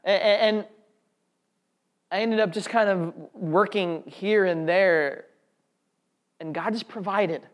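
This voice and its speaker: A man's voice: high voice, slow pace, long pauses. A man telling an audience his personal faith testimony in an earnest, heartfelt way. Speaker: speaker sharing a testimony.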